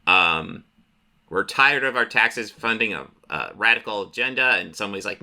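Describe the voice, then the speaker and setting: Guy recapping comics, super bright sharp voice, rambly and sweary. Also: fairly low pitch, lively intonation. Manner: rambling, profane, acts out characters in quick voices. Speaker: comic book reviewer. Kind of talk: casual recap and commentary.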